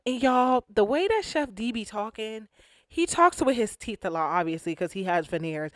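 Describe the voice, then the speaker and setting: A woman hosting a casual reality TV recap, talking in an animated, slangy way and acting out what people said. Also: fairly high pitch, moderate pace, no room sound, clean studio sound. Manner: animated, slangy, acts out quotes.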